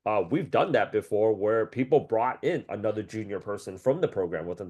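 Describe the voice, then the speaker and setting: A man's voice: lowish voice, lively intonation, a little fast, few pauses, a little mellow. A man working as a career coach, chatting casually in slang, laughing often and acting out the people he quotes. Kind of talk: casual chat.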